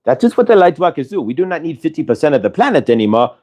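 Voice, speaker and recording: A man's voice: fairly high pitch, very animated, racing, darkish tone. A man giving a live channeling talk, earnest and repetitive in a coaxing way. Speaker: spiritual channeler.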